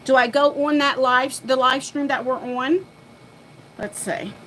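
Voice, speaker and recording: Lady chatting on her livestream, out of breath, bit high voice, faint noise behind. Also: fairly bright tone, poor audio. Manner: chatty, talks to viewers and her dog while rushing around. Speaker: livestream host. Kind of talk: casual live chat. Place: home, moving between floors.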